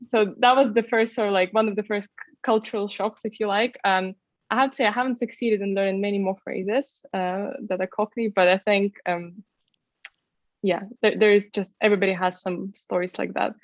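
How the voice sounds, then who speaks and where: A woman's voice: medium pitch, steady tone, a little fast, dry recording, lo-fi sound. A woman working as a travel guide, chatting casually in an interview with many fillers and restarts. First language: not English. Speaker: travel content creator and tour guide.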